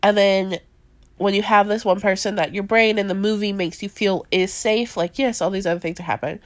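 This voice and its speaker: A young woman hosting a casual podcast about movies, talking in an animated way with a lot of fillers and frequent laughter. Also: medium pitch, moderate pace, no echo. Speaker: podcast host. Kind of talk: casual chat reviewing movies.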